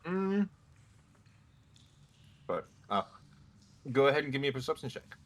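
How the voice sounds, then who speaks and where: A man's voice: medium pitch, sing-song, unhurried, fairly bright tone. A man running a tabletop game as game master, chatting casually and joking.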